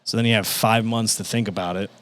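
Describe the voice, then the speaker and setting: A man's voice: fairly low pitch, quick pace, slight background noise. A man, a stand-up comedian telling stories as a podcast guest and acting out the people he quotes. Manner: animated, acts out quotes with profanity. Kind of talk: casual storytelling.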